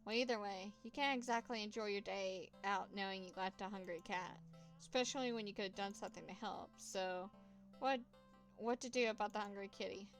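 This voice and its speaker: A woman reading a horror text game aloud, voicing the cat's meows and the mouse's squeaks herself, with nervous asides between choices. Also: faint music behind. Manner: reads with dramatic pauses and nervous asides. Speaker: gameplay narrator.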